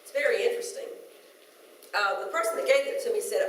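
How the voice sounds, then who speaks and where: A woman in her sixties preaches in a chatty, thoughtful way, often pausing to restart a phrase. Her voice sits at an ordinary pitch and carries a heavy reverberation, picked up from some distance in a large church room. A faint hum of ambience lies beneath. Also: lively intonation, fairly bright tone. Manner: conversational, reflective, with hesitant restarts. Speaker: minister. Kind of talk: sermon. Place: church sanctuary. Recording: very echoey room, mic at a distance.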